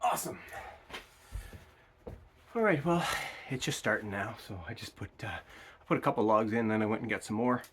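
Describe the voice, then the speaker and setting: A man's voice: on the low side, moderate pace, pauses often, slight background noise. A middle-aged man chatting casually as he films around his cottage, rambling easily with lots of fillers. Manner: rambling, relaxed, many fillers. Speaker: cottage vlogger. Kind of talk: casual vlog chat. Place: cottage, indoors and outdoors.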